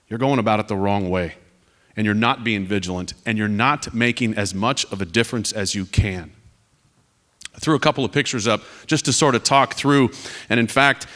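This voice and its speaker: An American man in his forties, a career Air Force officer about to retire, addresses a student audience during a panel. He speaks with a middling pitch, earnest and direct. He walks through his slides with stories and the occasional dry joke. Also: fairly bright tone. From United States. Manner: earnest, direct and storytelling, with wry asides.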